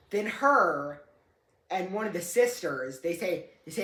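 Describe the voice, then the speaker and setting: A young man spins a casual story, doubling back and fixing his own words as he goes, with a dry streak of humor. His voice is bright and edged with tension. It rings in a room with a noticeable echo. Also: sits high, lively intonation, a little slow. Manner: rambling, self-correcting, dry humor. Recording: echoey room.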